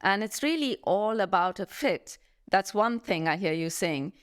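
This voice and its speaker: A woman's voice: mid-range voice, expressive, a little slow, smooth. A woman interviewer who affirms and sums up what her guest has said in a conversational interview. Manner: affirming and summarizing.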